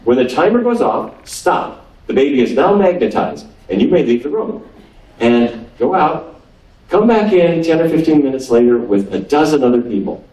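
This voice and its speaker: A man's voice: fairly high pitch, very animated, moderate pace, dark tone. A man from North Dakota giving a humorous nutrition lecture as a physician and quizzing his audience with questions. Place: lecture room on a cruise ship. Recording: roomy hall, voice from far off.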